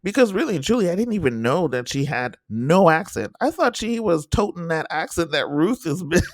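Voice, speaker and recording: A man co-hosting a podcast in casual chat, animated and repeating himself as he talks in bursts. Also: a little high, fairly quick, no room sound, studio quality. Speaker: podcast co-host.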